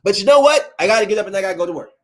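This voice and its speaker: A man with a high-pitched voice rants on his podcast. He talks casually but keeps lecturing, scolding and preaching at his listeners in a heated way. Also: animated, rapid-fire. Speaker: podcast host. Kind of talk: opinionated casual podcast rant.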